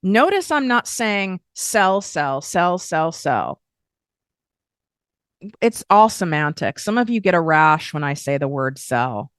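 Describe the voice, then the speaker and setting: A woman with a low, smooth voice coaches listeners in a blunt, casual podcast monologue. She talks freely, swears, and throws in emphatic asides. The sound is dry and close. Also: very animated, measured pace, few pauses, dry recording. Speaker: podcast host and business coach.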